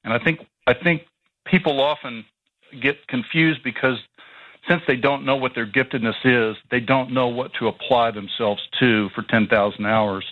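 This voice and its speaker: A man's voice: mid-range voice, normal speed, no room sound. Guy guest on a radio show, coming through a tinny phone line, dry and close. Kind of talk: radio call-in conversation.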